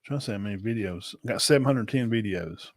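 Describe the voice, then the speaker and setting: A man's voice: on the low side, fast. A man with a Southern accent and a nasal, sinus-blocked voice, hosting a casual sports talk show in a chatty, folksy way. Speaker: host.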